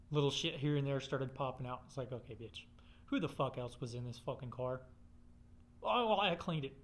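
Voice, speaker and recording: A man telling a rambling personal story in casual, profane, blunt speech. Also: a little high.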